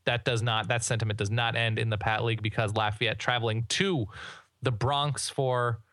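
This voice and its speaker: A man's voice: mid-range voice, fairly even intonation, normal speed, a bit bright, dry recording. A man co-hosting a podcast, chatting casually about college football with joking, rambling asides. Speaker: podcast co-host. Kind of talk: casual sports chat.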